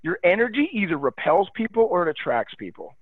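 A man's voice: sits high, very animated, fairly quick, no echo. A man in his thirties, a podcast guest, talking in an enthusiastic, emphatic, motivational way. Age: 30s. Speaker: podcast guest, real estate agent. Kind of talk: casual interview chat. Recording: tinny phone-like line, dry.

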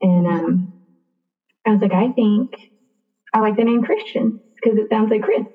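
A young woman recounts her story in a loose, chatty way, full of fillers and little acted-out bits of dialogue. Her voice sits at an ordinary middle pitch. It comes through thin and narrow, like a phone line. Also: unhurried. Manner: chatty, many fillers, acts out quoted dialogue. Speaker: interview guest. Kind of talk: casual personal storytelling.

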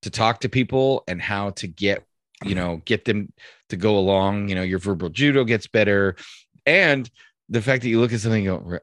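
A man's voice: lowish voice, brisk, fairly bright tone, no room sound, clean studio sound. A man in casual podcast chat, rambling and profane, with emphatic bursts.

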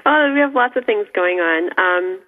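A woman's voice: medium pitch, expressive, moderate pace. A woman calling in to a radio show, friendly and chatty. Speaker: caller. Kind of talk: casual radio call. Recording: tinny phone line with reverb.

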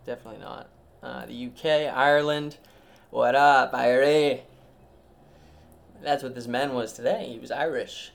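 A man's voice: medium pitch, steady tone, brisk, creaky. A man hosting a solo podcast, rambling in a meandering, self-interrupting, mock-grand way. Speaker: podcast host.

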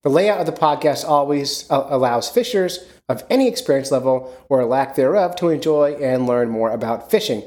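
A man's voice: medium pitch, expressive, moderate pace, few pauses, a little mellow. Chatty man hosting a podcast. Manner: rambling, upbeat, many fillers. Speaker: podcast host. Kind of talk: casual podcast chat.

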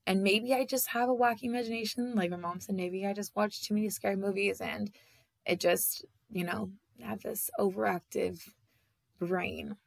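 A woman with a strongly gravelly, husky voice tells a personal story. She speaks haltingly, with many fillers and restarts, in a dry, close sound with no room echo. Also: mid-range voice, fairly even intonation.

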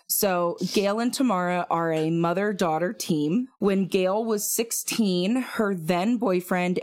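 A woman's voice: on the low side, a little mellow. A woman co-hosting a casual true-crime podcast, talking in a chatty way with lots of fillers and asides. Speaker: podcast co-host.

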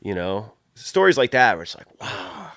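A man's voice: fairly low pitch, very animated, normal speed, sharp tone, dry recording, studio quality. A man who builds guitar pedals, telling long rambling stories in casual chat, swearing often and acting out the voices in his stories. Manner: rambling storyteller, heavy swearing, acts out quoted dialogue.

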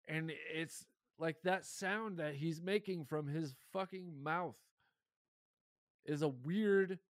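A man with a Michigan accent, co-hosting a podcast in loose, excitable, profanity-heavy chat. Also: a little high, dry recording, clean studio sound. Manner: excitable, swears a lot, laughs often. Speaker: podcast co-host.

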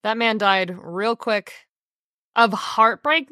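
A woman co-hosts a casual podcast chat in a lively, profane way and acts out other people's lines. Her voice sits at a middle pitch. The sound is close and dry. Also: no echo. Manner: animated, profane, mimics people in quick voices. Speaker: podcast co-host.

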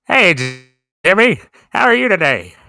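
A man's voice: sits high, very animated, sharp tone, heavily acted. A man doing a forgetful old grandpa. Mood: doddering. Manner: halting, repeats himself.

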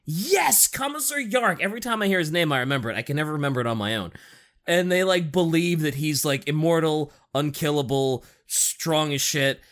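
A co-host in casual chat, excitable, laughing and swearing often. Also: mid-range voice, fairly quick.

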